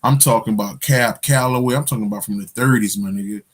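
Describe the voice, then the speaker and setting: A man's voice: lowish voice, fast, breathy edge. A man hosting his own channel, telling a story in a loose, profane monologue full of street slang, fillers and restarts. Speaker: spiritual channel host.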